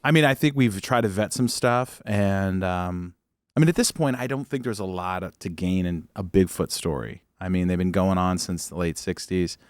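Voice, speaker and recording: A man's voice: low voice, normal speed, clean tone, no echo. Male podcast co-host, joking, loose conversational delivery, dry studio sound. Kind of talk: casual podcast chat.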